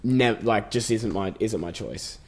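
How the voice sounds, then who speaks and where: A man's voice: on the low side, unhurried. A young man, co-hosting a casual podcast chat, rambling and restarting his sentences. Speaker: podcast co-host.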